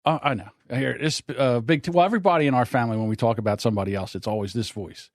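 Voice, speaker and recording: A man's voice: mid-range voice, racing, dry recording, clean studio sound. A man hosting a casual podcast chat, joking and teasing, often breaking into laughs. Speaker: podcast host.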